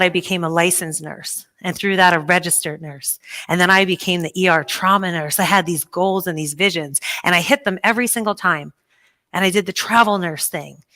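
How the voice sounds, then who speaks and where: Bright-voiced woman giving a motivational talk. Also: fairly low pitch. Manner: animated storytelling, acts out voices. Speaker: conference speaker. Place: conference hall.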